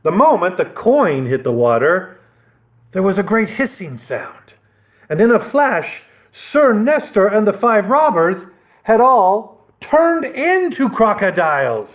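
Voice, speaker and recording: A male children's librarian reads an adventure story aloud for storytime. His somewhat high voice rises and falls with drama. The sound is thin and tinny, like a phone line. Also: takes it slowly. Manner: expressive, dramatic reading. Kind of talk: storytime read-aloud narration.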